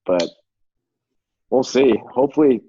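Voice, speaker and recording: A man in casual podcast chat, opinionated and quick to murmur agreement. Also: mid-range voice, warm tone, husky, no echo, dull audio. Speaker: podcast co-host.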